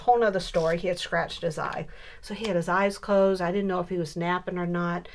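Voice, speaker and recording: Animated grandmother in her sixties. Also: on the low side, fairly quick. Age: 60s. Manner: animated storyteller who builds to punchlines. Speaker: scrapbooking crafter. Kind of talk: casual storytelling while crafting.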